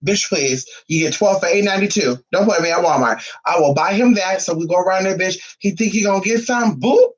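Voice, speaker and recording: A man vlogging casually from home, sassy and profane, cooing baby talk at his dog, his voice a little hoarse. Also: high-pitched, brisk, hardly any pauses, lo-fi sound. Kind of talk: casual chat to camera.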